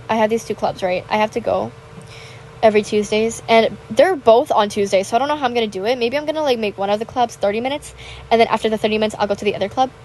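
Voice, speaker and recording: This teenage gaming vlogger talks casually about her week at school as she plays, bubbly and theatrical in her retellings. She has a somewhat high, slightly mellow voice. There's a little hiss or hum, and the recording is low quality.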